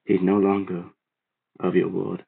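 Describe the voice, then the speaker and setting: A man voicing a calm, eerie man in black. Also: low-pitched, measured pace, gravelly, slightly rough, no room sound, voice pushed down, full character voice. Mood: solemn, low. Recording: tinny phone-like sound.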